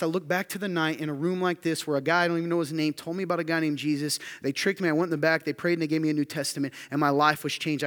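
A man preaches a lively sermon, his voice sitting a little high for a man. He punches out rising questions, then falls back to quiet, confiding asides. A long reverb trails every line through the hall. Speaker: pastor. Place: church hall with audience.

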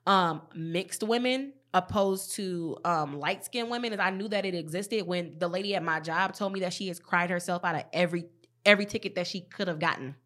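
Outspoken young woman, slightly low voice. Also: a little fast, a bit bright. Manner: outspoken, profane, incredulous. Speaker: podcast co-host. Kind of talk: casual chat.

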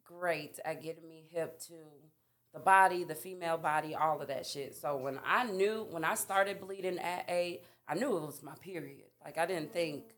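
A woman's voice: low-pitched, normal speed, a bit bright. A young woman co-hosting a podcast, teasing the others and swearing in casual chat. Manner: teasing, profane. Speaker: podcast co-host.

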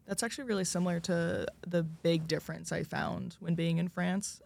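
Man, young, student panel chat, gravelly fry, rambling, filler-heavy. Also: fairly high pitch, steady tone, normal speed, darkish tone, dry recording. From United States. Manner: rambling, searches for examples, many "like" fillers. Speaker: student studying French. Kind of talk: casual panel discussion.

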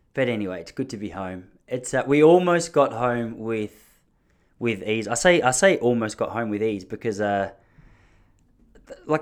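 A man in his thirties with an Australian accent, hosting a podcast and telling rambling, jokey stories in a casual chat. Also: medium pitch. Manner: chatty, rambling, jokey storytelling. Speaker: podcast host.

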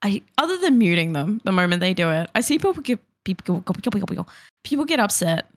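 A woman's voice: mid-range voice, sing-song, fast. A woman co-hosting a podcast in casual chat, joking crudely and laughing often. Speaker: podcast co-host.

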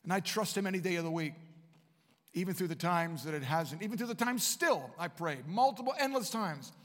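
A man preaching a sermon to students at a Bible college. He is impassioned and swings between hushed lines and emphatic ones. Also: sits high, lively intonation, a little fast. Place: large room at a Bible college. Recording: long hall reverb.

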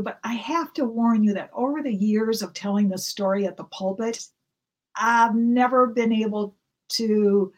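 A woman pastor telling a heartfelt story in a gentle, storytelling manner from the pulpit. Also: on the high side. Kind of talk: sermon storytelling.

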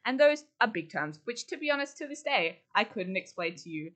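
A young woman co-hosting a casual podcast, chatting in a relaxed, playful way. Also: a little high, a little fast. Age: young adult. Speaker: podcast co-host. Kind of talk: casual chat.

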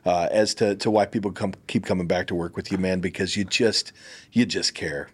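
A man's voice: deep voice, fairly even intonation, normal speed, slightly rough. Man, podcast host, casual, enthusiastic, repeats himself, friendly chat. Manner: enthusiastic, repeats words, calls guest brother and man.

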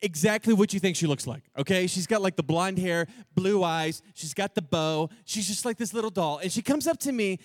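High-voiced, animated male youth speaker. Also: dry recording, studio quality. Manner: animated, quick, acts out quoted dialogue. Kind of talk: comedic storytelling to students.

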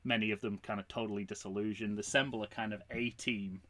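A man co-hosting a casual podcast, telling a story pitch with animated energy and acting out the lines. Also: quick pace, a crowd in the background. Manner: animated storyteller, acts out quotes. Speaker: podcast co-host.

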